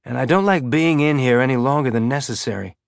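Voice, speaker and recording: A man's voice: mid-range voice, quick pace, vocal fry, no echo, lightly acted. A man voicing a weary ship's captain, dry and a bit exasperated.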